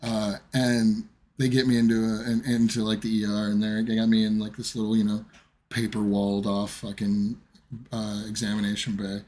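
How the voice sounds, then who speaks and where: A man's voice: fairly low pitch, monotone, moderate pace, mellow. An American man, a streamer, telling a profane, rambling personal story in a casual way. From United States.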